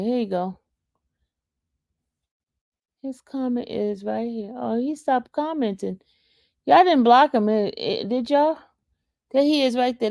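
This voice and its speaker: A woman's voice: sits high, gravelly, a little mellow, no echo, studio quality. A woman hosting a casual livestream, reading chat comments aloud and taunting a commenter. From New York. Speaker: livestream host.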